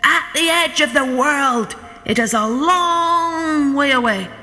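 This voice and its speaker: A woman's voice: high voice, slow, sharp tone, in a large hall, faint music behind, voice pushed up, full character voice. A woman voicing an old male raven who announces big news to the forest animals in a storybook tale. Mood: urgent. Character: boastful old male raven, excited herald.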